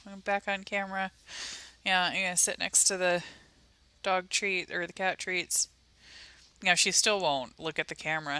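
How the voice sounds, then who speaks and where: A woman's voice: on the low side, a little slow, pushed and bright, smooth, dry recording. A woman hosting a casual livestream, chatting and talking sweetly to her pets. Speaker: livestream host.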